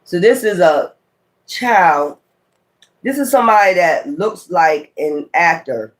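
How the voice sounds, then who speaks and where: A man gives a loose, casual tarot reading, thinking out loud and breaking into sudden exclamations. He speaks, in a fairly high voice for a man. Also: animated, slow. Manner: musing aloud, exclamatory asides. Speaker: tarot reader.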